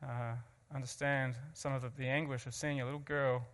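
A man's voice: medium pitch, level tone, brisk, a bit bright, big-room sound. A man from New Zealand with a New Zealand accent, earnestly telling an audience his personal story with self-mocking asides and frequent restarts. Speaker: guest speaker.

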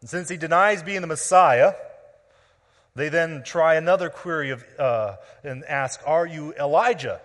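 The long echo of a large hall carries the voice of a pastor, on the high side and a bit bright, as he preaches. He expounds scripture and keeps restarting with repeated words.

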